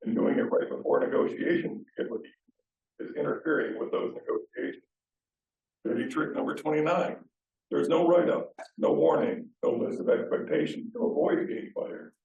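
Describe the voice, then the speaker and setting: A man's voice: on the high side, normal speed, creaky, a little mellow. A man giving a pointed, sarcastic public comment at a township meeting, reading from notes. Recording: distant, roomy, dull public meeting audio.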